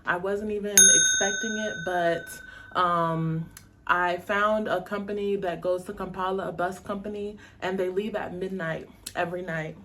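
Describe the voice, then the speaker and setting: A woman's voice: on the low side, fairly even intonation, measured pace, background noise. A woman from the United States talking casually to her viewers in a travel vlog, laughing often and using slang. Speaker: travel vlogger.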